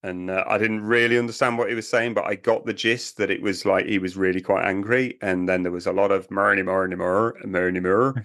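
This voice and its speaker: A man's voice: fairly low pitch, flat delivery, brisk, few pauses, a bit bright. A British man co-hosting a camping podcast in a chatty, joking way. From Britain. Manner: chatty, joking, puts on silly accents. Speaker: podcast co-host. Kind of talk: casual chat.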